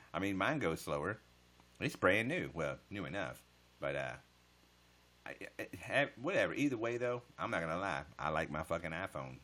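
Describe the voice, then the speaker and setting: A man's voice: sits low, fairly bright tone. A man chatting casually on a livestream, answering viewer comments with profane smart-aleck jokes.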